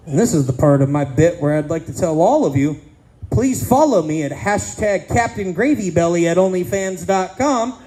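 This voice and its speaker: A man's voice: high voice, lively intonation, normal speed, darkish tone, soft background music, rough recording. A man in his thirties doing a crude, self-deprecating stand-up comedy set with punchy delivery on a casino stage. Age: 30s.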